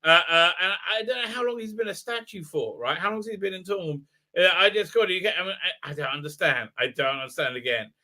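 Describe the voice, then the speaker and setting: Male host, rambling exasperated review rant, high-pitched. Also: lively intonation, fast, bright, forceful tone. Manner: exasperated, incredulous, full of fillers, mocking quotes. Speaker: show host reviewing an episode. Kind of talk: rambling ranting recap.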